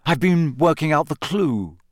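A man's voice: on the high side, animated, a little slow, no room sound, clean studio sound, pitched above the performer's own voice. A man voicing an earnest teenage schoolboy wizard who gives short, hesitant replies.

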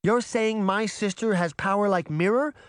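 A gentle little sister, earnest and caring, as a male narrator puts her on. She speaks up high with wide-eyed questions. The audiobook sound is dry and close. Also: normal speed, smooth, dry recording, natural voice.

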